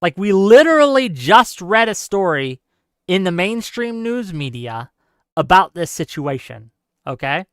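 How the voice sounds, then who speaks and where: A talk show host with a smooth, clear voice who argues point by point, firmly rebutting viewer comments and checking in with quick tag questions. The sound is dry and close, with almost no room behind it. The pitch sits in an ordinary middle register. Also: very animated, a bit bright, no echo. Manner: argumentative, emphatic, rebutting points; frequent tag questions and fillers. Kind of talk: live call-in commentary, reading viewer comments.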